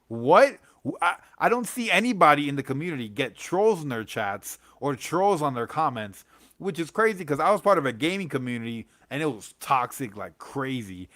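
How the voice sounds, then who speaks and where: A man's voice: medium pitch, fairly bright tone, no echo, clean studio sound. A young man hosting a comics livestream, rambling in casual chat with lots of fillers, slang and laughs.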